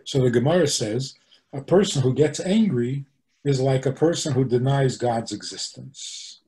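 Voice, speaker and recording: A man, a rabbi, giving an animated teaching talk, posing rhetorical questions and answering them himself. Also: medium pitch, normal speed. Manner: animated, acts out the angry voices he quotes.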